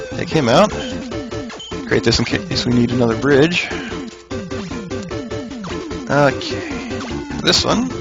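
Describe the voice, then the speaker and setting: A man talks his way through a puzzle game in an easygoing voice of middling pitch, thinking aloud and chuckling now and then. Game music plays clearly behind him. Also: low-quality recording. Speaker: let's play commentator. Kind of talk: casual gameplay commentary.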